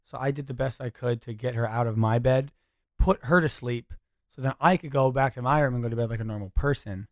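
A young man chatting casually on a podcast, fast-paced and animated, swearing freely as he tells stories. His voice sits in a middle pitch and is recorded close and dry. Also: dry recording. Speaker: podcast host. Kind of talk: casual storytelling chat.

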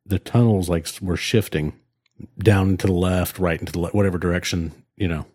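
A man's voice: sits low, fairly even intonation, fairly quick, darkish tone, no echo, studio quality. A man co-hosting a podcast in casual chat, rambling with lots of fillers and restarts. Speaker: podcast co-host.

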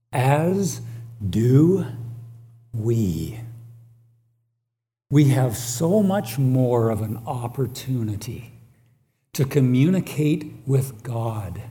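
Man, preacher, sermon, slow deliberate delivery, mellow dark tone, swells louder at key points. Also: medium pitch. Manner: slow and deliberate, rising loud on key lines. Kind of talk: sermon with scripture reading.

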